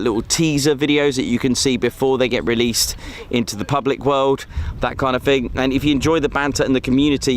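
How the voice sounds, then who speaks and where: A man's voice: mid-range voice, slight background noise. A man hosting a live stream, chatty and enthusiastic, with frequent fillers. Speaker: host.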